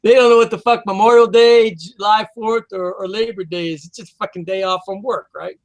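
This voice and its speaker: A man's voice: high-pitched, steady tone, a little fast. A man in his fifties co-hosting a podcast, ranting heatedly and swearing constantly. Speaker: podcast co-host. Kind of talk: casual profane chat.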